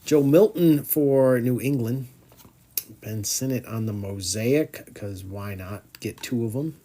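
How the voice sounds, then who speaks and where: Slow-talking man hosting a card break. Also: medium pitch, mellow. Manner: chatty, calls out each card, groans at misses. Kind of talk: live card break commentary.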